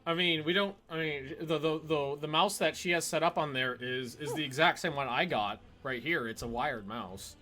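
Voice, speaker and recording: A man's voice: on the high side, moderate pace, few pauses, pushed and bright, faint music behind. A man chatting casually on a live stream while playing a strategy game, joking and often chuckling.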